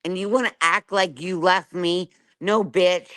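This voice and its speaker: A woman's voice: lowish voice, fairly even intonation, moderate pace, a bit bright. Furious profane woman ranting on a livestream. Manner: profane, confrontational, keeps asking "right?". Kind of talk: angry live-stream rant.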